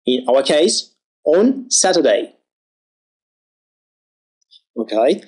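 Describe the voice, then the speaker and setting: A male pronunciation teacher talks slowly and deliberately, letting his pitch swing widely as he models each word. He enunciates every drill word with care. He sounds like a lesson recorded at home. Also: very animated, breathy edge, low-quality recording. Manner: slow, careful enunciation with exaggerated pitch on drill words.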